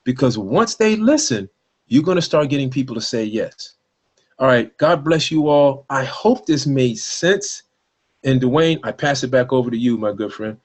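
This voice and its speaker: A man's voice: mid-range voice, lively intonation, normal speed, darkish tone. A man giving a sales training talk, emphatic, repeating his points and checking in with his listeners. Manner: emphatic, repeats points, asks "all right?". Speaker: network marketing trainer.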